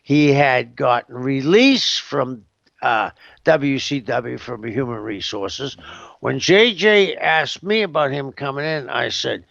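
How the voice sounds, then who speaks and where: Slow gravelly-voiced man rambling. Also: mid-range voice, expressive, a bit bright, dry recording, dull audio. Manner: rambling, hesitant, full of "you know what I mean". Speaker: interview guest. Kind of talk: casual shoot interview.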